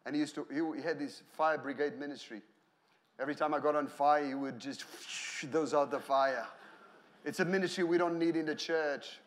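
High-voiced Australian pastor preaching. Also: male voice, a little fast. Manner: animated storytelling with laughs and shouted hallelujahs. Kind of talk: sermon.

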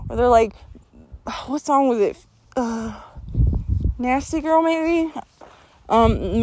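Blunt high-voiced woman ranting, noisy recording. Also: lively intonation, slow pace, long pauses, darkish tone. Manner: swears constantly, laughs often mid-sentence; blunt, confrontational, lectures the listener. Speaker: vlogger. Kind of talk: blunt profane rant to camera. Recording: noticeable background noise.

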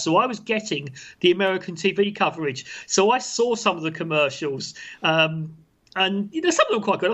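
A man's voice: high voice, fairly bright tone, muffled recording. A man with a British accent, chatting casually as a guest on a sports talk show. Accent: British English. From England. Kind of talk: casual chat.

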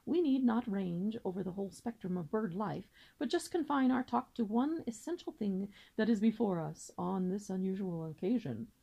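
A woman's voice: medium pitch, normal speed, vocal fry, few pauses, mellow, husky. A woman voicing a pompous father swan. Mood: formal. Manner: formal, lecturing, wordy. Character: pompous, long-winded male father swan.

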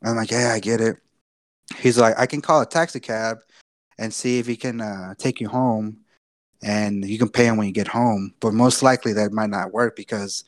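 A man's voice: lowish voice, dry recording. Young guy, podcast co-host, rambling storyteller, dry close sound. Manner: loose, profane, repeats himself. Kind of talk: casual storytelling.

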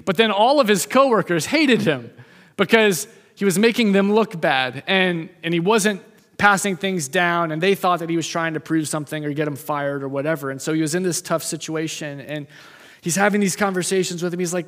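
A male preacher telling a story in a sermon, speeding up and slowing down for emphasis. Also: on the high side. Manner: lively storytelling, shifts from fast to slow, emphatic. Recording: long hall reverb.

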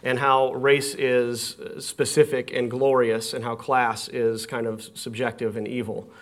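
A man talking casually at home, thinking out loud and tripping over his own words. His voice sits at an ordinary middle pitch. The pace is unhurried and conversational. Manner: halting, repeats words while thinking aloud. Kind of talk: casual conversation in a living room. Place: living room.

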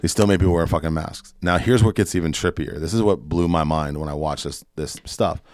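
A man's voice: very deep voice, brisk, a little mellow, no room sound. A man hosting a podcast, ranting casually and emphatically with plenty of profanity. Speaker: podcast host. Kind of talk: casual opinionated podcast rant.

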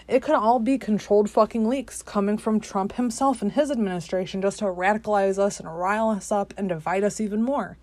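A woman's voice: mid-range voice, brisk, hardly any pauses, a little mellow, no room sound. A woman hosting a podcast, delivering a profane, skeptical political rant with exasperated outbursts. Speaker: podcast host. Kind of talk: ranting political monologue.

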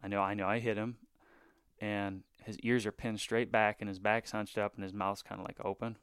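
Smooth-voiced man telling a hunting story. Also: fairly low pitch, normal speed, no room sound, studio quality. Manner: animated, filler-heavy retelling with hushed asides. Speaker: bowhunter guest. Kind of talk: casual podcast storytelling.

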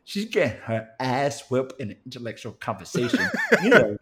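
A young man tells a story on a casual podcast, his pitch swinging widely as he gets worked up. He swears freely and breaks into laughter mid-sentence. His voice sits in an ordinary middle register. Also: brisk. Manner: profane, animated, laughs while telling. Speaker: podcast co-host.

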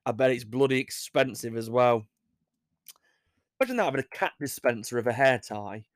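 Young English guy, casual host, rambling and jokey, mid-pitched, dry close mic. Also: animated, normal speed, no room sound. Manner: rambling, jokey, laughs at his own asides. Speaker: podcast host reading news stories. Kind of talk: casual chat.

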